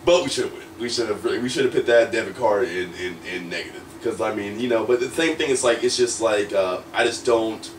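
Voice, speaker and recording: An American man, a young adult pro wrestler, telling candid stories in an interview, animated, laughing often and restarting his sentences. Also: on the low side, brisk, hardly any pauses, a little hiss or hum. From United States. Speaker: professional wrestler, guest. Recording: roomy echo, mic at a distance, faint ambience.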